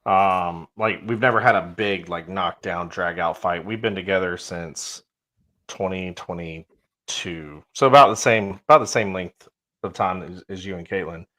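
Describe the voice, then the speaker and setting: Low-voiced man chatting casually. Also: normal speed. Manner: relaxed, conversational, with frequent fillers and clears his throat. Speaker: podcast co-host. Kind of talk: casual chat.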